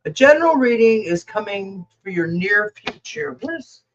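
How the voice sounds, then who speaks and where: A woman's voice: medium pitch, expressive, normal speed, muffled recording, slight background noise. A woman reading tarot cards for viewers in a casual livestream, rambling, blunt and emotional as she talks to the chat. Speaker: tarot reader answering viewer questions.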